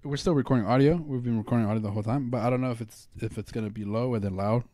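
A man co-hosting a casual podcast, talking quickly and keeping the chat animated with lots of slang. His voice has an ordinary pitch and a dry, close recording. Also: dry recording. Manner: animated, says "bro" and "you know what I mean". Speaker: podcast co-host.

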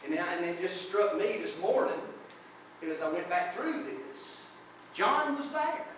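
A man preaching a sermon as pastor, earnest and unhurried, breaking into short prayers and reading scripture aloud. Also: sits high, expressive, slight background noise. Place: church sanctuary. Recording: echoey church from far off.

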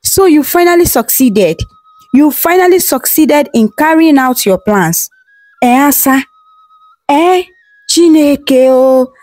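A woman's voice: lively intonation, unhurried, warm tone, no room sound, faint music behind. A woman voicing a grieving, furious middle-aged queen mother who wails and accuses. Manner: accusing, shrill, wailing.

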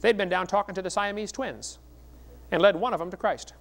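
A man's voice: high voice, a little fast. A middle-aged man preaching at a seminar, telling stories in a folksy, joking way. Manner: folksy, joking, animated storytelling. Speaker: evangelist speaker.

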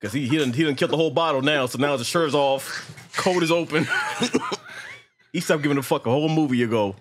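A man's voice: on the high side, fast, slight background noise. A man co-hosting a casual movie reaction, ranting bluntly with heavy swearing.

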